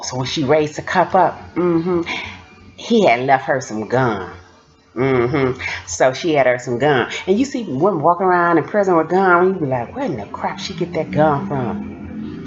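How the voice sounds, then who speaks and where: A woman vlogger telling stories in a casual, animated way, laughing often and acting out what people said. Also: low-pitched, dull audio. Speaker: vlogger recounting prison experience. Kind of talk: casual storytelling.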